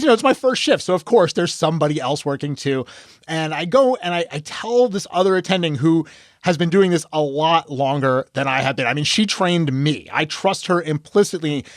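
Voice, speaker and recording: Man, emergency physician, case storytelling, acts out dialogue, high-pitched, dry sound. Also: no echo. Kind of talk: case discussion podcast.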